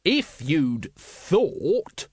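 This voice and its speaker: Male reader as a gruff, sarcastic guard captain, lively mocking delivery, dry close sound. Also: on the high side, slow pace, dry recording, exaggerated voice. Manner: sarcastic, growling.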